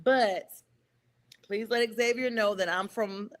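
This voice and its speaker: A woman from North Carolina with a Southern accent, hosting a casual sports talk show, chatty and quick to laugh. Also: mid-range voice. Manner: chatty, laughs often, animated asides.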